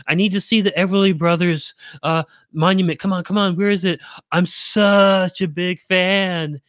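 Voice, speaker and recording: Man doing a frantic fan bit: high squeal, breathless begging, over the top. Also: fairly even intonation, normal speed, a bit bright, dry recording, studio quality. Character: frantic overeager young fan begging for directions.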